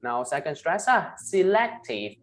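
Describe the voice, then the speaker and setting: A male English teacher with a Vietnamese accent leads an online class. He models each word slowly and tags most phrases with "right?" or "huh?". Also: a little high, expressive, a bit bright, soft background music. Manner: ends phrases with tag questions "right?" and "huh?"; slow, emphatic model pronunciations. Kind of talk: online class, pronunciation drilling.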